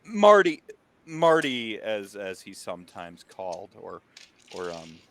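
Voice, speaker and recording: A man's voice: fairly low pitch, big pitch swings, slow, dry recording. A man acting as game master, narrating a tabletop game in a loose, rambling way with many fillers and restarts.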